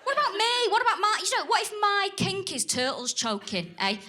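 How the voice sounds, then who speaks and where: A woman doing a crude, acerbic stand-up set on a theatre stage, with deadpan asides. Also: extremely high pitch, fairly quick, heavy background noise. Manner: acerbic, crude, deadpan asides with lively put-on voices for others. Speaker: stand-up comedian. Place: theatre stage before a laughing audience. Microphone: stage microphone. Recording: live theatre with loud crowd laughter.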